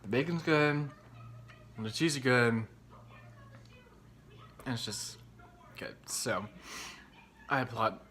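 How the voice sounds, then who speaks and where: In a rough recording with a bit of hiss or hum, a young vlogger with a mid-range voice talks slowly and pauses often as he cooks at home. His chat is excitable and meandering, peppered with swearing and endless "like" fillers over a frying sizzle.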